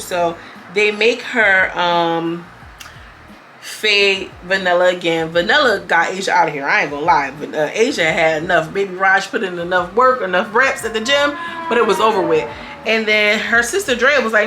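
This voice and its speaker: A young woman reviewing a reality TV episode in casual, blunt, profane commentary, switching between storytelling and quick quoted voices. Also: mid-range voice, pushed and bright, a little hiss or hum.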